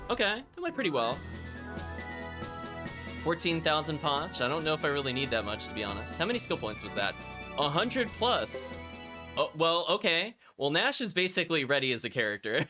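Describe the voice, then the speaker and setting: A man streaming a video game, giving casual play-by-play commentary with wry asides to his chat. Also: medium pitch. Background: game music.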